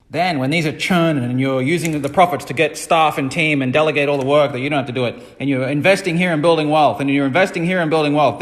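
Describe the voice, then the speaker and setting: A man's voice: a little high, a bit bright, long reverb tail. A man giving a casual mini money lesson for his social media stories, blunt and emphatic, swearing freely. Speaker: entrepreneur teaching money lessons.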